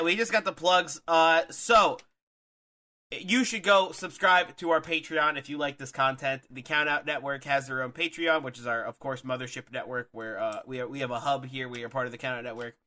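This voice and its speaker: A man's voice: mid-range voice, bright, forceful tone. A man co-hosting a wrestling podcast, chatting loosely and upbeat, stumbling over his words now and then. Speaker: podcast co-host. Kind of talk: casual chat.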